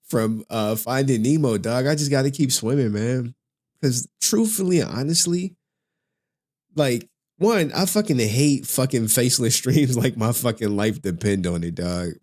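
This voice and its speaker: A man's voice: medium pitch, a little mellow. A man in his forties hosting a casual livestream, swearing often, laughing through his words and getting emotional. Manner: profane, laughing, emotional, slangy. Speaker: livestream host.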